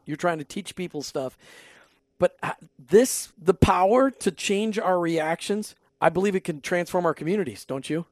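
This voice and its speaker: A man's voice: a little high, dry recording, studio quality. A man hosting a radio interview, asking encouraging questions. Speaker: radio host.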